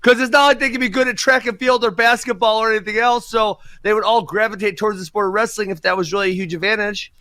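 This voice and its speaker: Man co-host, bright and tense, exasperated rant, dry close call mic. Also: high-pitched, steady tone, fast, few pauses, no room sound. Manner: exasperated, ranting. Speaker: podcast co-host. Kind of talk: casual sports chat. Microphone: remote call mic.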